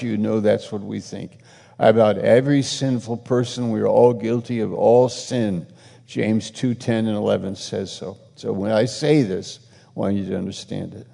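A man's voice: on the low side, creaky, warm tone, long reverb tail. A man preaching a sermon, reading scripture with mocking asides and acting out imagined conversations, then rising to emphatic declarations. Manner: acts out imagined dialogue, mocking asides, rises to emphatic passages.

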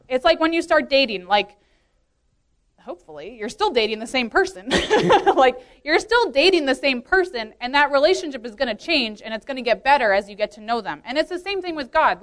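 A youth leader in her late twenties speaks at a women's meeting, her voice high and a little bright. She gives an earnest but casual testimony, chatting away, saying "like" constantly and laughing a lot.

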